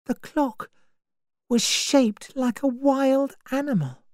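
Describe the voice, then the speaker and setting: A woman's voice: high voice, slow pace, a little mellow, no echo, studio quality, pitched above the performer's own voice. A woman voicing a frightened young woman in an audiobook reading, speaking anxiously and pleadingly. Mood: alarmed. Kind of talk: storybook reading.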